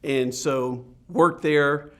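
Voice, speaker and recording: A man telling his career story in a casual interview. He is animated and laughs often. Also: fairly high pitch, very slow. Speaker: interview guest, businessman.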